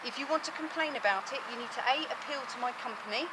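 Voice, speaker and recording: A woman explains parking rules in a firm, patient way, often checking "okay?" with her listener. Her voice is fairly high, and she was caught on a phone outdoors with loud surrounding noise. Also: quick pace. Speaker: parking enforcement officer. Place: outdoors by a residential car park. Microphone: phone camera held by the person filming.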